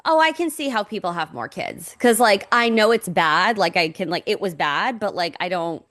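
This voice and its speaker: A woman's voice: medium pitch, normal speed, no echo. Chatty woman podcast co-host, dry mic. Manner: chatty, animated, quotes herself in lively voices. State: pregnant, recovering from sickness. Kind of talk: casual chat.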